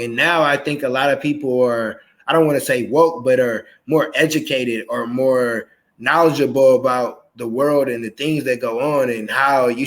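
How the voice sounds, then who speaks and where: A man in his thirties hosting a casual interview chat, animated and acting out quoted voices as he talks. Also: medium pitch. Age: 30s. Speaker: podcast host.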